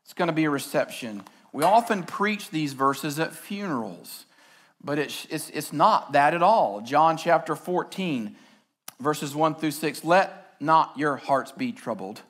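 A man pastor delivering a sermon from a church stage. His voice sits high and rings bright and forceful. He mixes scripture reading with excited, shouted storytelling. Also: a little slow.

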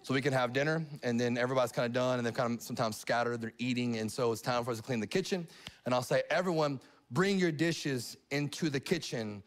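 A middle-aged male pastor preaching a live sermon in church, animated and often asking the congregation questions. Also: medium pitch, racing. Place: church sanctuary.

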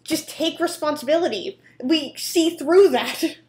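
A woman's voice: sits high, unhurried, a little mellow, echoey room. A young woman hosting a reaction video, chatting casually with lots of fillers, restarts and giggles.

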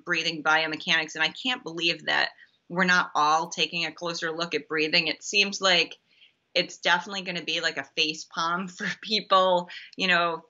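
A woman's voice: sits low, pushed and bright, muffled recording. A woman guest on a podcast interview, explaining emphatically with many ums and restarts. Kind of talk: conversational interview answer.

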